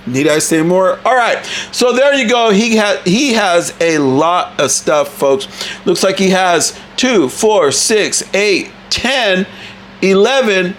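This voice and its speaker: Hyped, high-voiced toy review host. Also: male voice, a little hiss or hum. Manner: hyped, animated, casual with cussing. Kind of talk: excited unboxing review.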